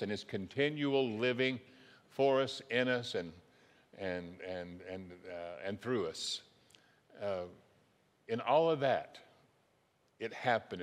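A pastor preaching a sermon, halting and repeating words as he gathers his thoughts. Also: fairly low pitch. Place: church sanctuary. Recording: long reverb of a church hall.

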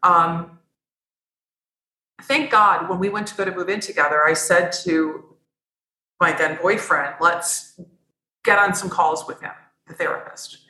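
Woman, podcast guest, candid personal story, bright tense voice, echoey room, rambling restarts. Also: fairly low pitch, a little slow, pauses often. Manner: earnest, rambling, frequent restarts.

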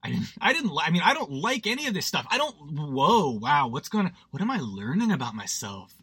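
A man's voice: a little high, big pitch swings, fairly quick, sharp tone, breathy edge, no room sound. A man hosting a podcast, recapping a horror movie in a rambling, self-deprecating way with lots of asides. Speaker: podcast host.

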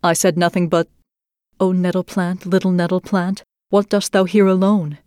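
A woman voicing a humble young maiden in a storybook reading, speaking in a plain, calm, earnest way. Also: lowish voice, normal speed, smooth, no room sound, clean studio sound, lightly acted.

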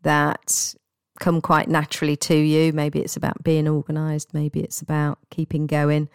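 A woman giving a guided self-help talk as a wellbeing coach, speaking in a gentle, encouraging and reassuring way. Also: deep voice, monotone, moderate pace, smooth, no echo, clean studio sound.

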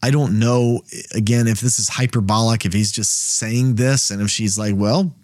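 A man's voice: lowish voice, steady tone, normal speed, a little mellow, dry recording, clean studio sound. A man hosting a Bible study, teaching casually and thinking aloud with repeated words and asides.

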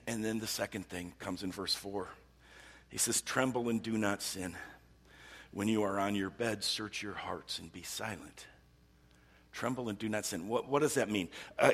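Male pastor, earnest sermon, gravelly and breathy, long reverb tail. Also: on the low side. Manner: earnest, repetitive, stumbling restarts, drops to soft voice.

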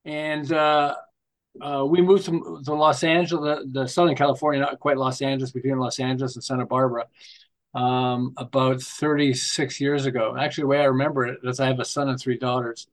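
An older man from Canada, a podcast guest, telling rambling stories in a casual interview with many restarts. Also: medium pitch. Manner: rambling, animated anecdotes with restarts.

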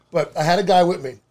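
A man telling a story on a podcast in an animated, laughing, crude way. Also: high voice, a little hiss or hum. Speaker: podcast co-host. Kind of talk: casual storytelling.

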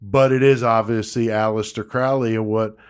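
A man hosting a podcast in casual chat, explaining things in a relaxed way with many fillers. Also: on the low side, normal speed, clean tone. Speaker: podcast host.

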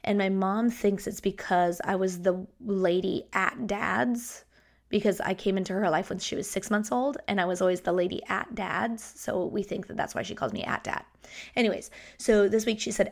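A woman in her thirties, a teacher hosting a podcast, talking in a chatty, animated way and acting out quotes. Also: mid-range voice, moderate pace, vocal fry. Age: 30s. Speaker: podcast host and language teacher. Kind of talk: casual podcast monologue.

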